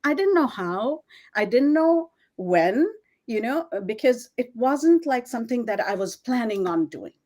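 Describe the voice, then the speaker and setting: A middle-aged woman from India with an Indian English accent, telling her story in an interview, animated and laughing often, with many fillers. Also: on the high side, unhurried. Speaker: guest, fashion designer.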